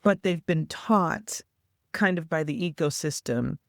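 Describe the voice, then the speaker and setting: A man's voice: a little high, measured pace, gravelly, dry recording, studio quality. A man hosting an interview, chatty and enthusiastic, introducing topics and asking questions. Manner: enthusiastic, chatty, animated when paraphrasing. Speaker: host and entrepreneur coach.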